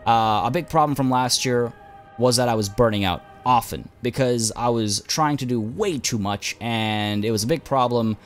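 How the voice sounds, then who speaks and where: A man's voice: medium pitch, moderate pace. A man hosting a game let's play, losing his voice as he thinks aloud with plenty of uhs and ums. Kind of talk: gameplay commentary.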